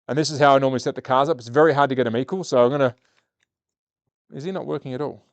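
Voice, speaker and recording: An Australian man hosts a live slot car stream, talking casually with viewers and calling the race. His mid-range voice comes rapid-fire on a dry recording, and he gets excited once the racing starts.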